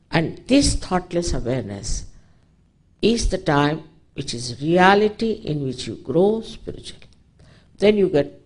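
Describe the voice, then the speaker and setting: Her voice sits lowish with a darkish tone. This Indian spiritual teacher, speaking in Indian English, delivers a public talk full of emphatic storytelling and frequent side remarks.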